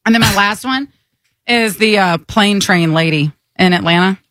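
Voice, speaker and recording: A woman's voice: mid-range voice, normal speed, a bit bright, dry recording, studio quality. A woman co-hosting a casual chat, playfully trying out impressions of voices and laughing along. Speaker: podcast co-host.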